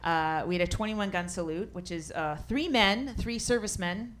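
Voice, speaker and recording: A middle-aged woman performing a stand-up comedy set, deadpan and punchy, building to loud exasperated outbursts. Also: medium pitch, moderate pace. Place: comedy stage before a laughing audience. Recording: live audience laughter throughout.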